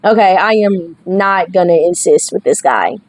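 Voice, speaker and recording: A woman's voice: on the low side, lively intonation, moderate pace, low-quality recording. A young woman giving chatty, sassy commentary while she plays a dating game. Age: young adult. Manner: chatty, sassy, reacting aloud. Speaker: gaming streamer. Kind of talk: casual gameplay commentary.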